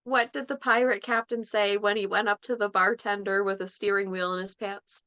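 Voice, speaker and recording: A woman's voice: mid-range voice, level tone, a little fast, bright, forceful tone, dry recording. A woman guest in a casual chat who tells jokes with frequent giggles and a crude, playful delivery over a dull, lo-fi recording. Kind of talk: casual joke-telling chat. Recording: dull lo-fi sound.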